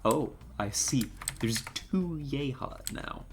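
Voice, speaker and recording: Slow, chatty woman streaming a game. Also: extremely low pitch, lively intonation, creaky, faint music behind. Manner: slow, chatty and easily moved, with lots of fillers and laughter. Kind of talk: casual live-stream commentary.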